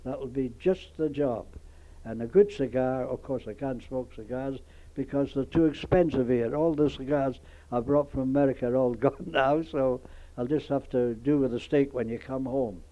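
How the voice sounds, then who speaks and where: A man's voice: mid-range voice, moderate pace, warm tone. An older man, a grandfather, chatting his way through a spoken letter on tape, meandering, with many ums and restarts. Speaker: grandfather recording an audio letter. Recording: dull lo-fi home tape recording.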